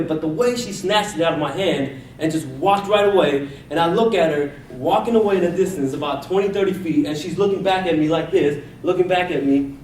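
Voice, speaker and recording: A man's voice: fairly high pitch, darkish tone, slight background noise. Man telling a story in an echoey hall. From India. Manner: personal anecdote with acted-out quotes. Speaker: contest speaker. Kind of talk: storytelling speech. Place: hall at a speech contest. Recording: echoey room from a distance, faint ambience.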